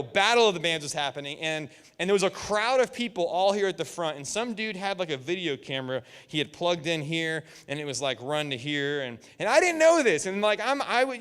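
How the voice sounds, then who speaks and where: A man in his thirties preaching to a youth group, telling lively stories and acting out quotes. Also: on the high side, smooth. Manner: animated storytelling with jokes and voiced quotes. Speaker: youth pastor. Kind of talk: sermon. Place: church youth room. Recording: echoey hall with long reverb.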